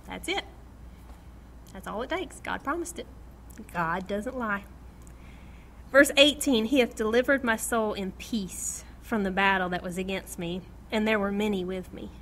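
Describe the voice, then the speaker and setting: A woman's voice: mid-range voice, slight background noise. A middle-aged woman teaching a Bible study to a small group, reading scripture aloud and acting out quotes with laughter. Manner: animated, acts out quotes, laughs often, reads scripture aloud.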